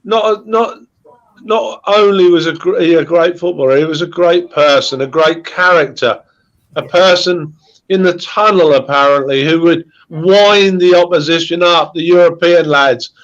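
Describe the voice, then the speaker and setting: A man speaking as a guest fan in casual podcast chat, halting and repeating words as he talks from the heart. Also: a little high, muffled recording.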